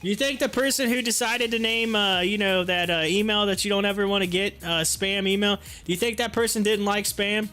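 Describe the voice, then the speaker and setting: Man, very high voice, rambling casual storyteller, laughs a lot, live stream host. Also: fairly even intonation, a little fast, few pauses, sharp tone, clean tone, soft background music. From United States. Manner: rambling storyteller, laughs often, repeats himself. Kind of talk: casual chat reading viewer comments.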